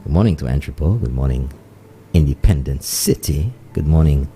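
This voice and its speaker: A man's voice: a bass voice, lively intonation, normal speed, dark tone, a little hiss or hum. A man with a Saint Lucian accent hosting a live morning show, chatting loosely, slipping into Creole phrases and greeting listeners place by place. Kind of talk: live morning radio chat with listener shout-outs.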